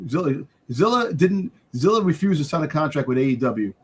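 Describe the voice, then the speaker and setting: Man, husky slightly high voice, rambling casual wrestling chat, lots of fillers. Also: very animated, a little fast. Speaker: podcast co-host.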